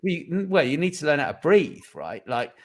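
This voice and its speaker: A man's voice: a little high, sing-song, moderate pace. A man in casual conversation, talking earnestly with many restarts and a habit of asking "right?". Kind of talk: casual chat.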